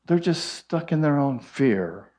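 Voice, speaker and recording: A man's voice: fairly high pitch, big pitch swings, slow, darkish tone. A man with an Irish accent giving a conversational storytelling sermon, folksy with frequent asides. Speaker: minister giving a talk.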